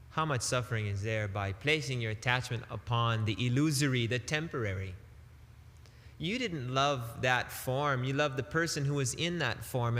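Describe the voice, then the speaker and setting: A man's voice: mid-range voice, fairly bright tone. Man preaching in an echoey hall. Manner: deliberate, emphatic preaching with casual phrasing. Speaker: spiritual teacher. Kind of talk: devotional sermon.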